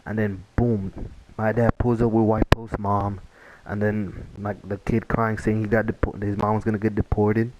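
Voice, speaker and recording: A man's voice: lowish voice, little pitch movement, normal speed, a little mellow, highs cut off, slight background noise. A young man telling a casual story-time tale, rambling with many fillers and restarts. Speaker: vlogger.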